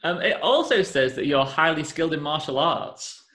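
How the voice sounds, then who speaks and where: A man's voice: a little high, expressive, moderate pace, sharp tone. A man hosting a podcast, interviewing his guest in a friendly, curious way. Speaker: podcast host.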